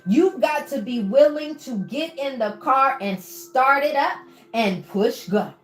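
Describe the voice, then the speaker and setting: A woman's voice: high voice, expressive, slow. A woman giving a live-streamed motivational talk, preaching and encouraging, calling listeners baby and asking them to answer back. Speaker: motivational coach on a livestream. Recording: roomy echo with faint music.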